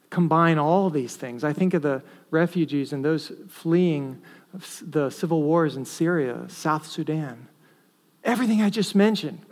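A male pastor preaching a sermon earnestly, with emphatic stresses that drop to quiet asides. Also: a little high.

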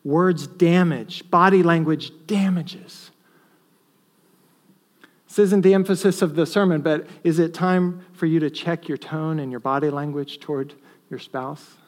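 Male pastor, high-pitched, earnest sermon delivery with emphatic stresses. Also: steady tone, measured pace. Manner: earnest, rises to emphatic stresses then drops to quiet asides.

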